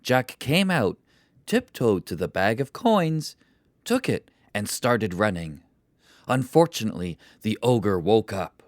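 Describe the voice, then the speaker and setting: A narrator reading a children's story for English learners in a slow, deliberate and expressive way. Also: medium pitch, dry recording, studio quality.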